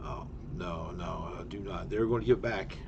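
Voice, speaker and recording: A man's voice: deep voice, moderate pace, creaky, a little mellow, dull audio, a little hiss or hum, pitched below the performer's own voice. A man voicing a courteous Georgia diner manager. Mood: obliging. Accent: Southern US, Georgia. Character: middle-aged male diner manager, polite, obliging.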